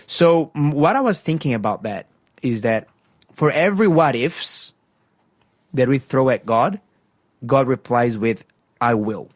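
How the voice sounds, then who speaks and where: Animated man hosting faith radio. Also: measured pace, long pauses, no echo, studio quality. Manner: animated storyteller, acts out voices with rising pitch, many fillers and restarts. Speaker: radio breakfast show host. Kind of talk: casual faith radio chat, retelling a Bible story.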